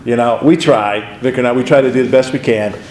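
Pastor teaching in an echoey room. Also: male voice, mid-range voice, fast talker, a little hiss or hum. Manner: conversational, animated storytelling with asides. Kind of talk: Bible study teaching.

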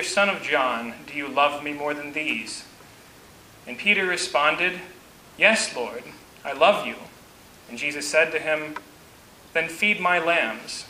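A pastor preaching a sermon in an earnest, measured way, slowing down for emphasis. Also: male voice, fairly high pitch, bright, forceful tone. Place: church. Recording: echoey church with faint hiss.

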